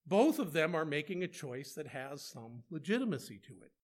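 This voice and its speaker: A man's voice: fairly high pitch, very animated, moderate pace. A man preaching a conversational sermon, asking rhetorical questions and slipping in playful asides.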